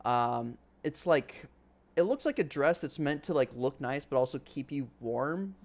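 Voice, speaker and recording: A man's voice: mid-range voice, very animated, measured pace, darkish tone, highs cut off. Rambling man running a tabletop game. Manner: rambling, casual, many fillers, swears. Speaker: game master.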